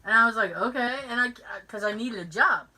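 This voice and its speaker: A woman's voice: fairly high pitch, fairly quick, low-quality recording. A woman hosting a podcast, chatting casually and acting out the voices of people in her stories. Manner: animated storyteller who acts out every voice in her anecdotes. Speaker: podcast host. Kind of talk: casual chat.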